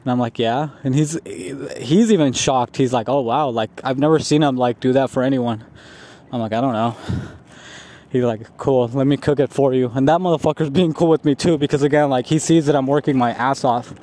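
A man's voice: mid-range voice, normal speed, mellow. A young man telling a long, rambling, profane story in a casual vlog, laughing often as he talks. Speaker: vlogger.

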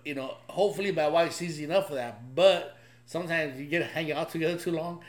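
A man's voice: on the high side, fairly quick. A married man in casual podcast chat, rambling and swearing, stammering as he talks about himself. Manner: rambling, profane, self-deprecating, stammers.

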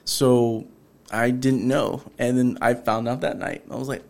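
Animated, profane male podcast host. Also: mid-range voice, normal speed, gravelly. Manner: animated, profane, acts out quoted lines. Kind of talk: casual storytelling chat.

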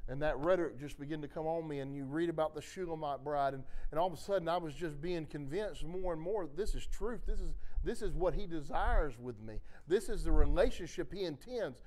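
A preacher delivering an impassioned sermon, swinging between loud exhortation and quiet storytelling. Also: male voice, on the high side, fairly quick, hardly any pauses. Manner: impassioned, rising and falling.

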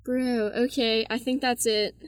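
A woman's voice: on the high side, little pitch movement, unhurried, no echo. A laid-back young woman tells embarrassing stories in a loose, easy way. She is recorded close to the mic in a dry room. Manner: laid-back, says "bro" and "like" a lot. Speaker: interviewee. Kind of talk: casual storytelling.

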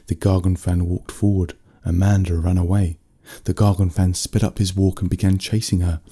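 A man narrating a bedtime story in a steady, unhurried reading voice. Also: sits low, husky.

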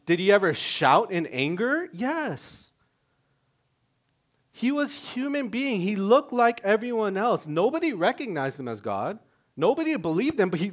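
A man preaching a sermon in a lively, conversational way, with self-mocking humor, sudden loud rises and soft drops. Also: high voice. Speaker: pastor.

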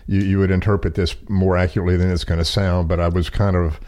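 A man's voice: low voice, flat delivery, fast talker, a little mellow. A middle-aged man telling a long personal story in a rambling, folksy, self-deprecating way with chuckles. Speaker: podcast guest. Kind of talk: casual storytelling.

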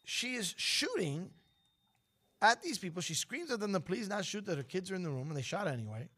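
Animated man hosting morning radio. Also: sits high, fast. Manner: animated, playful, teasing. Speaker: radio show host. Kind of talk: casual radio banter.

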